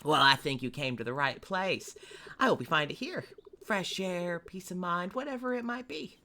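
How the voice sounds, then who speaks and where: A woman's voice: fairly low pitch, expressive, normal speed, sharp tone, slight background noise. A woman voicing a friendly, easygoing young male farmer in a game, with a silly put-on American Southern twang. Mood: welcoming.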